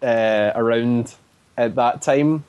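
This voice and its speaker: A man's voice: medium pitch, slow, darkish tone, clear, resonant tone, no room sound, dull audio. A young man co-hosting a podcast with his brother, dry and teasing in casual chat. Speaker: podcast co-host.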